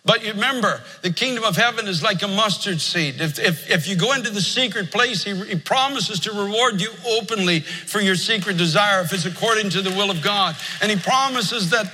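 A man's voice: high voice, a little fast, few pauses, bright, forceful tone. An older man preaching a sermon as a pastor, earnest and storytelling. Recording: long hall reverb.

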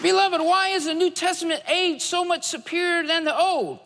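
High, gravelly preacher man in a hall. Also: moderate pace, crowd noise, background noise. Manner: emphatic, repeats key phrases for stress. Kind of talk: sermon. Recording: long hall reverb.

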